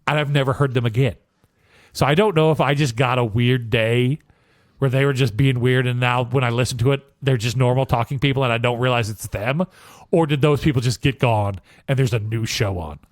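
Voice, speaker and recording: A man co-hosting a casual podcast, telling a story with lively asides and frequent "okay?" check-ins. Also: medium pitch, brisk, no room sound, clean studio sound. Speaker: podcast co-host.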